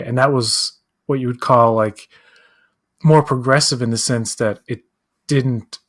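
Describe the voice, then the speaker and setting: A man co-hosting a live pop-culture chat, rambling, acting out quotes and searching aloud for names. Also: medium pitch. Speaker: co-host. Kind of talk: casual chat.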